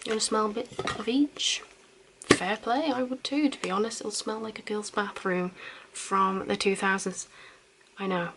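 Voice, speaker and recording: A young woman doing a whispered role-play as a caring best friend, soft, chatty and reassuring. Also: mid-range voice, fairly even intonation, normal speed, very noisy. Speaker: ASMR host playing a caring best friend.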